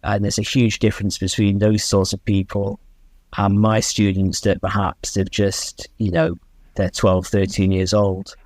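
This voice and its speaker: Hedging man, low voice. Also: flat delivery, measured pace, a little mellow, no echo. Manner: thoughtful, hedging, self-deprecating. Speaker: guest, Chinese teacher. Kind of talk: podcast interview.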